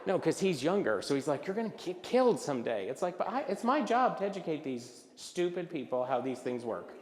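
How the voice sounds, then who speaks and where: A man's voice: fairly high pitch, a little fast, noisy background. Older man telling comic stories in a hall. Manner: animated, acts out voices of others in his stories. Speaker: luncheon speaker. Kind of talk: comic storytelling talk. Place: event hall. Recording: reverberant hall.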